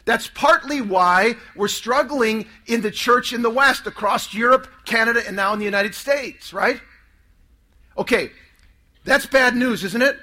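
A man's voice: very high voice, unhurried, sharp tone. A man preaching a sermon to a live audience, emphatic and calling for responses.

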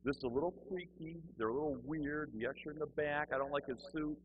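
A man's voice: fairly high pitch, quick pace, phone-quality sound, a little hiss or hum. A middle-aged man telling a humorous personal testimony, acting out the people in his story as he goes. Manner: animated, acts out other people's voices.

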